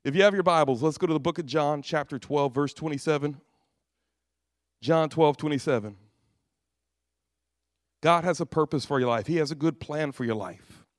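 A man with a high voice preaches a lively sermon, telling stories and acting out the voices of the people in them. He laughs at his own jokes as he goes. The sound is dry and close, with no room echo. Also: moderate pace, pauses often. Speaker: pastor.

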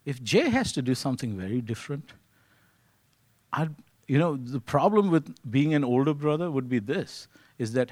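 A man preaching a conversational sermon, joking and swinging between loud, excited bursts and hushed, quiet stretches. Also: medium pitch, moderate pace, no room sound.

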